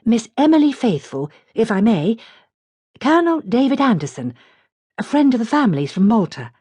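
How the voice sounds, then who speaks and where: An airy, wry society wife. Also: female voice, fairly high pitch, sing-song, moderate pace, warm tone, breathy edge, no echo, pitched above the performer's own voice. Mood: gracious. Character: married woman in her thirties, wry and flighty.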